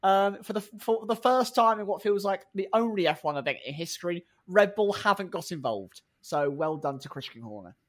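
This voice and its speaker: A man's voice: high-pitched, expressive, moderate pace, hardly any pauses, a bit bright. A man co-hosting a podcast in casual, jokey banter. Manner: jokey, slips into comic impressions. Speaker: podcast co-host.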